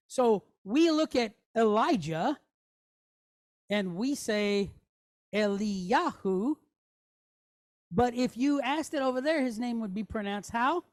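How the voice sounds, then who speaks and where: A woman teaching a Hebrew class, explaining patiently, sounding out letters and syllables slowly, and checking in with her students with a frequent "okay?" and "right?". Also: a little high, a little mellow. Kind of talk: classroom lesson.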